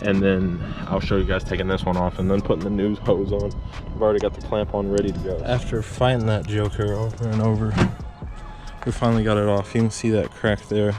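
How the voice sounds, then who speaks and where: A man's voice: on the low side, flat delivery, brisk. A man talking through a repair on his truck while he works, rambling and out of breath from being sick, recorded on an action camera with music behind. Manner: rambling, self-interrupting, talks to the camera. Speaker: car repair vlogger. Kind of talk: casual how-to narration while working.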